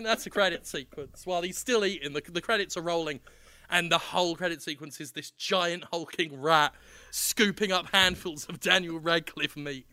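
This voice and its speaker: A man telling a comic story on a podcast, animated and laughing as he goes. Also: on the high side, moderate pace, no echo. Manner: animated, laughing, acts out voices. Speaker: podcast co-host.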